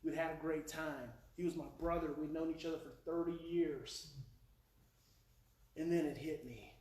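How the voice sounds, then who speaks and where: A man in his forties with an Oklahoma accent gives a live parenting workshop, telling stories with emotion and repeating his key points. His voice sits high for a man. The roomy hall and the distance to the mic leave his speech echoey and a bit remote over a faint hiss. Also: moderate pace. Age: 40s. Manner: animated, emotional storytelling with repeated phrases. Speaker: parenting educator and presenter. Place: presentation hall before a live audience.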